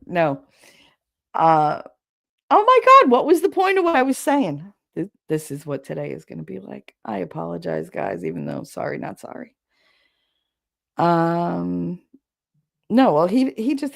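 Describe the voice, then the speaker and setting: A woman's voice: deep voice, creaky, darkish tone, dry recording, clean studio sound. A woman with a Chicago accent chatting on a livestream, rambling, losing her train of thought and laughing often. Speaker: livestream host. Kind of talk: casual livestream chat reading comments.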